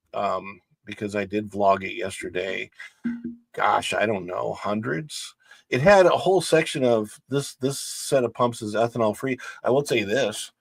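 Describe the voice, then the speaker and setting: A man's voice: fairly low pitch, gravelly, fairly bright tone, dry recording. A man in his forties from St. Louis, hosting a livestream in casual rambling chat, reading out viewer comments with restarts and asides. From St. Louis, Missouri. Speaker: livestream host.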